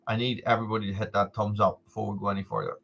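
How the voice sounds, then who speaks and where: A man's voice: on the low side, flat delivery, racing, vocal fry, a bit bright, lo-fi sound. A man hosting a casual live stream, rambling and chatty as he greets viewers by name.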